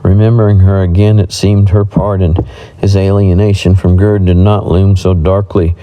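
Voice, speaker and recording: Deep, dark-voiced male narrator. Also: little pitch movement, moderate pace, low-quality recording. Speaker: audiobook narrator. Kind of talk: audiobook narration of a western.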